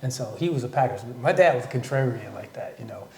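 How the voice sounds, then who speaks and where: A man on a podcast chatting casually with quick, blunt remarks. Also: mid-range voice, animated, gravelly, darkish tone. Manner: quick wisecracks and blunt opinions. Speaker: podcast co-host. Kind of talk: casual chat. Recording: echoey room.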